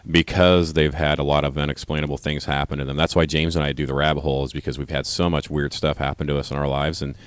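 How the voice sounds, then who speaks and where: Low-voiced man as host, dry studio sound, rambling and hesitant questions. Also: little pitch movement, quick pace, few pauses, no room sound. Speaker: podcast host. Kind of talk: casual interview.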